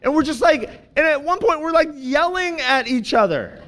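A man in his thirties preaching from a church stage, his voice sitting notably high for a man. He tells stories in an animated, joking way and pokes fun at himself. A long reverb from the hall trails every phrase. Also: normal speed. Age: 30s. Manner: animated, self-deprecating and joking. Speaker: pastor. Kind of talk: sermon with personal storytelling.

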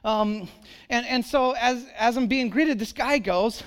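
A middle-aged male pastor preaching a sermon, telling lively personal stories and acting out the voices of people in them. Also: sits high, normal speed. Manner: animated storyteller, acts out quoted voices.

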